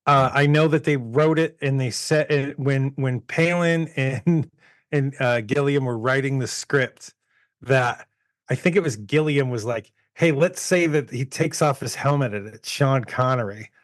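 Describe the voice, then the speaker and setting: Male podcast co-host, mid pitch, chatty storyteller, laughs often, dry close mic. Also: unhurried, no room sound. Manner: rambling, laughing often, retelling anecdotes. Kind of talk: casual chat.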